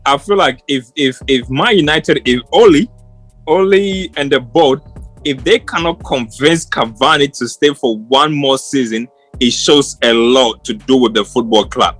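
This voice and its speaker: A man's voice: mid-range voice, a little slow, a bit bright, husky, faint music behind. A man co-hosting a casual football chat, rambling and restarting his sentences as he passionately argues his opinions. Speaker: football podcast co-host. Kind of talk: casual post-match chat.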